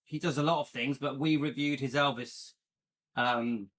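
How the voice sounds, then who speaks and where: A man's voice: medium pitch, fairly even intonation, normal speed, fairly bright tone. A man in his fifties from Britain, hosting a casual livestream and rambling with fillers as he gets set up. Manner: rambling, searching for words. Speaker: channel host.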